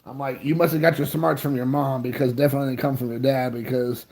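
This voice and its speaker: A man's voice: medium pitch, little pitch movement, fast talker, gravelly, darkish tone. A man in his thirties, co-hosting a podcast, telling a rambling, self-mocking childhood story in casual chat.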